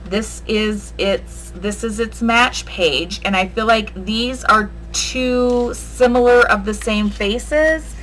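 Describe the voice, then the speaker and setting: A woman's voice: medium pitch, a bit bright. A woman hosting a crafting vlog, chatting casually and humming and muttering to herself as she works. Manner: chatty, hums and mutters to herself while working. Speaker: crafting channel host. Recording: noticeable background noise.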